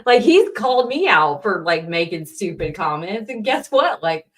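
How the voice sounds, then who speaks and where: A woman's voice: mid-range voice, very animated, moderate pace. A young adult woman hosting a casual livestream, rambling and exasperated, with many restarts and fillers, greeting viewers from the chat. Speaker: livestream host.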